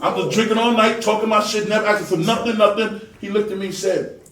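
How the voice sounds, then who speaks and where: A man with a high voice tells loud, profane stories in a relaxed chat and slips into other people's voices as he goes. He sounds set back from the mic in an echoing room. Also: quick pace, far from the mic. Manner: animated, profane, acts out voices in his stories. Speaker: podcast guest. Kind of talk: casual storytelling.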